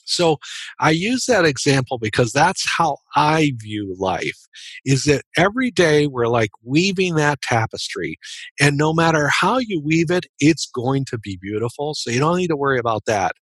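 Man, husky voice, lively rising and falling pitch, earnest, restarts often, interview guest. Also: normal speed, no room sound. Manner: earnest, with frequent restarts and laughs. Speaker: guest author and business coach. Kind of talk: casual interview storytelling.

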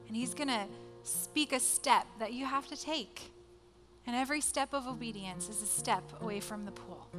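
A woman in her thirties, a pastor, giving a sermon through earnest, emotional personal storytelling. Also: a little high. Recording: hall reverb with soft music behind.

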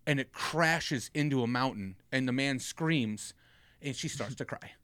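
This comedy podcast storyteller, a man in his thirties, has a clear, resonant mid-range voice and speaks a little slowly in a dry recording. He relates a long comic story conversationally, performing what people said with animation.

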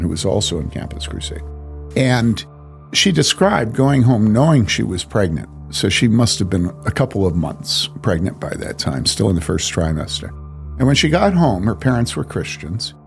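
A man's voice: fairly low pitch, vocal fry, darkish tone. A man speaking as a pastor, telling a story from his ministry in an earnest, emphatic way and asking rhetorical questions.

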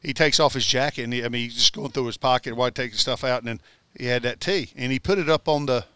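A man recalls his playing days in a loose, rambling way, often breaking into a laugh. His voice is bright and crisp. The studio sound is dry and close. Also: mid-range voice, quick pace, no room sound. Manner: rambling, laughs while telling anecdotes. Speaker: guest, former pitcher. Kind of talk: casual storytelling. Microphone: studio mic in radio booth.

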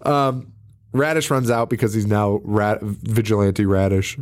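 A man's voice: fairly low pitch, steady tone, unhurried. A man co-hosting a podcast, casually recapping a horror movie, swearing often and laughing as he acts out characters' lines. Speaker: podcast co-host.

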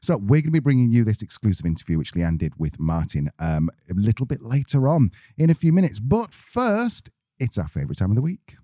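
Dark-voiced joking man. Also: mid-range voice, sing-song, fairly quick, no echo, clean studio sound. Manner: joking, teasing, playful. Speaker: podcast co-host, business owner. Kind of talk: casual podcast banter.

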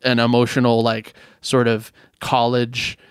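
A man's voice: medium pitch, unhurried, clean tone, dry recording, studio quality. A man from California, a podcast guest, telling a story in a loose, chatty way, full of restarts and "like.". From California, USA. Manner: animated storyteller, frequent restarts and "like". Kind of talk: casual storytelling chat.

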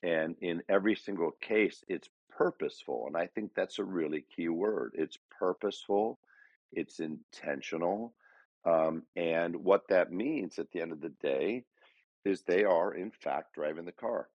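A man's voice: low-pitched, unhurried, dry recording, muffled recording. A man co-hosting a podcast, talking earnestly and reflectively, putting rhetorical questions to his listeners. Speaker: podcast co-host. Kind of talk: casual conversation.

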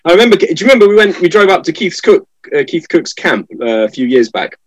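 Lively man telling stories. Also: sits high, fast, no room sound. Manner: animated storyteller, does voices in anecdotes. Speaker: guest. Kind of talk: casual chat.

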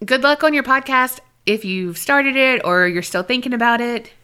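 A woman's voice: fairly high pitch, normal speed, pushed and bright, clean tone. A woman co-hosting a paranormal podcast, reading a listener's story aloud and chatting. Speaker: podcast co-host.

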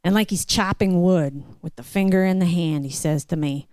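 Woman storyteller at a live show, measured and vivid, crisp voice. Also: lowish voice, warm tone, no echo. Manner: slow, deliberate, vivid.

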